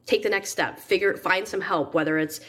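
A woman's voice: fairly low pitch, fairly quick, a bit bright. A woman interviewing a guest in a conversational way, enthusiastic and affirming.

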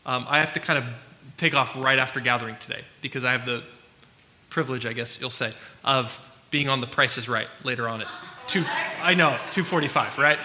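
A man's voice: mid-range voice, a little fast, pushed and bright, big-room sound, a little hiss or hum. A man preaching a sermon as pastor, talking casually with fillers and restarts.

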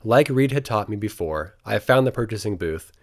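A young man with a fairly low voice reads his own travel memoir aloud. He tells it in an earnest, reflective way. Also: animated, moderate pace. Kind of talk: memoir narration read aloud.

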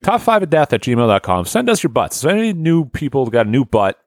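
A man's voice: medium pitch, very animated, fairly quick, no room sound, clean studio sound. A man co-hosting a podcast, joking crudely in casual banter and laughing often. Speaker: podcast co-host.

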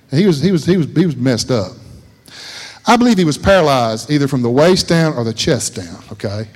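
A man preaching a sermon in a folksy, animated way, repeating lines for emphasis. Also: mid-range voice, brisk, husky. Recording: reverberant hall.

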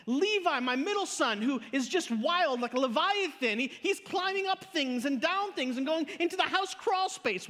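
Pastor delivering a live sermon, very high-pitched man's voice, animated storyteller, long church-hall reverb. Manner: animated storytelling with repeated words and big pitch swings. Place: church auditorium.

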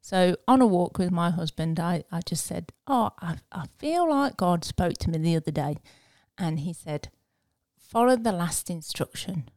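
A woman's voice: on the low side, lively intonation, moderate pace, darkish tone, no room sound. Chatty woman hosting a faith podcast. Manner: chatty, with many fillers and restarts. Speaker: podcast host. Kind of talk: casual faith chat.

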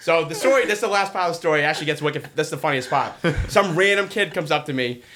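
A man's voice: a little high, lively intonation, fast, sharp tone, a little hiss or hum. A young man co-hosting a podcast, telling a rambling, profane story in casual chat with many restarts. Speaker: podcast co-host.

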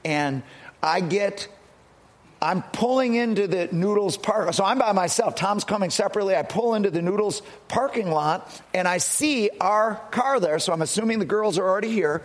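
A man's voice: sits high, moderate pace. A middle-aged male pastor telling a personal story in an earnest sermon, often restarting his sentences.

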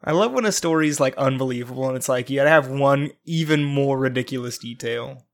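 A man co-hosting a casual comedy podcast, playful and quick with jokes and asides. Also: mid-range voice. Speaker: podcast co-host.

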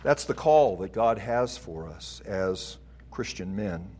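A middle-aged man preaching a sermon, slow and deliberate, building to emphatic swells. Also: on the low side, animated, darkish tone, breathy edge.

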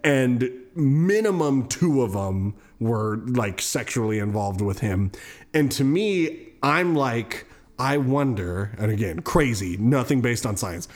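Animated casual man telling a crime story. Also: takes it slowly. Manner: animated, swearing, jumps into high mocking voices. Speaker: podcast host.

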